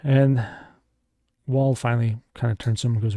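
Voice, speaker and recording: A man's voice: medium pitch, fairly even intonation, normal speed, mellow, no echo, clean studio sound. A man narrating a solo tabletop game as game master, casual and meandering with many restarts.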